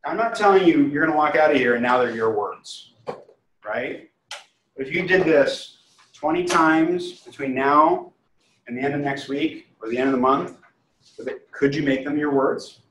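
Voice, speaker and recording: A man leading a real estate training class, energetic and coaxing, often putting questions to the room. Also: on the high side, normal speed. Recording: echoey room from far off, faint hiss.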